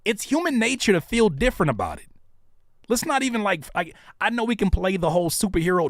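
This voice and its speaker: A man's voice: sits high, big pitch swings, a little fast, fairly bright tone, dry recording, clean studio sound. A man who raps and produces, hosting a live stream with casual, slangy commentary. He repeats phrases for emphasis and acts out other people's remarks.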